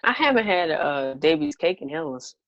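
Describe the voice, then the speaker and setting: A woman's voice: low-pitched, big pitch swings, normal speed, lo-fi sound. A woman co-hosting a casual podcast chat, speaking in a blunt, laid-back banter. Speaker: podcast co-host.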